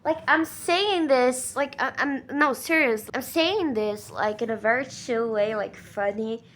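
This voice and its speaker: Woman vlogger, fairly high and bright, rambling chatty storyteller who swears for emphasis. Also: measured pace, few pauses, a little hiss or hum. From Brazil. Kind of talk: casual storytelling.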